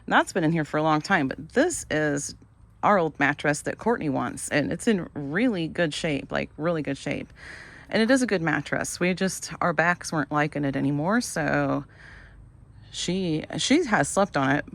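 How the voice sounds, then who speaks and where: A woman's voice: sits low, expressive, normal speed, vocal fry. A middle-aged woman chatting casually to her viewers as she works at a storage unit, rambling and correcting herself as she goes. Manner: rambling, self-correcting, talks to viewers while working. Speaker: lifestyle vlogger. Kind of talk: casual chatty vlog narration.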